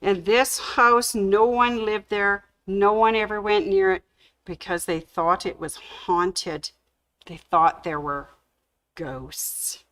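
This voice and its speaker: A woman hosting a sewing channel livestream, telling a ghost story slowly and dramatically. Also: mid-range voice, steady tone, a bit bright.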